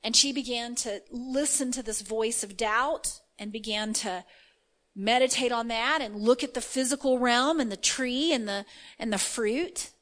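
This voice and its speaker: A woman's voice: fairly high pitch, a little slow, fairly bright tone, rough recording. A woman giving an informal sermon, chatty and full of fillers, reading scripture and checking in with her listeners. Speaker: preacher.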